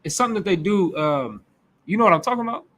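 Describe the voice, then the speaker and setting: Informal Midwestern-accented man preaching, slightly higher-pitched. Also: animated, quick pace, a bit bright. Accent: American Midwest. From United States. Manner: loose and informal, talks back and forth with the congregation, frequent restarts. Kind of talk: conversational sermon teaching.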